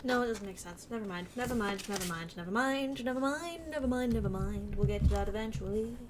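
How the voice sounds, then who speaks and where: A woman streaming a game, chattering excitedly and thinking aloud. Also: medium pitch, fast, very noisy. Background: game music.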